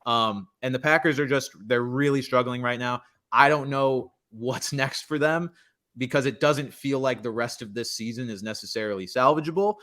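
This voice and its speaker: A young man co-hosting a podcast from a friend's home, talking sports casually with quick joking asides. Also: medium pitch, a bit bright. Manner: chatty, quick asides, self-deprecating humor. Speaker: podcast co-host.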